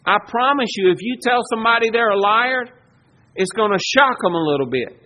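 A man's voice: sits high, expressive, moderate pace, sharp tone. A man preaching a sermon, emphatic and rising in volume when he quotes scripture. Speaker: pastor.

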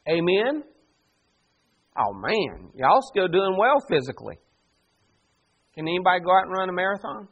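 High-voiced man preaching a lively sermon. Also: normal speed, pauses often, breathy edge, muffled recording. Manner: animated preaching with rhetorical questions to the congregation. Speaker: pastor.

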